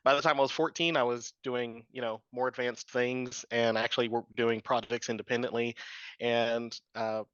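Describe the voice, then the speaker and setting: Bright-voiced man telling his story. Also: mid-range voice, level tone, normal speed, smooth, no echo, highs cut off. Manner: rambling, frequent fillers and laughs. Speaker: guest, drone business owner. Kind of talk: casual interview storytelling.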